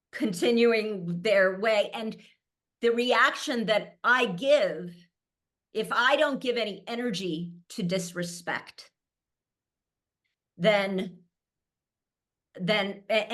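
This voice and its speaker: A woman's voice: mid-range voice, fairly bright tone. Candid storytelling woman, laughing often. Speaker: panel guest. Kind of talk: conversational panel talk.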